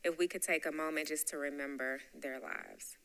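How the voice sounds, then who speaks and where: A woman's voice: deep voice, fairly even intonation, moderate pace. A woman with a Southern US accent chairing a public council meeting, calling the roll and adding chatty, apologetic asides. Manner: warm, chatty asides between names.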